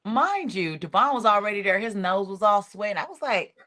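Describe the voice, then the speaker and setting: A woman who appeared on a reality show tells a story as a guest in a casual interview, speaking at medium pitch and a bit quickly. She's animated and acts out what other people said.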